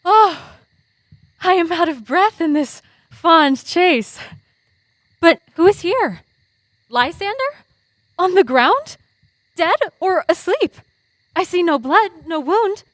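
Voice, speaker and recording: A woman's voice: extremely high pitch, animated, takes it slowly, long pauses, no room sound, exaggerated voice. An actress playing a scorned young woman in a college stage play, hurt and indignant. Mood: anxious.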